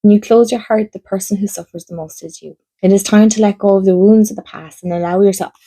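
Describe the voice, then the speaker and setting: A woman who reviews oracle decks, chatting to her viewers in a gentle, soothing, chatty way. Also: medium pitch, fairly even intonation, fast talker, poor audio. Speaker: tarot and oracle deck reviewer. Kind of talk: casual chat to camera.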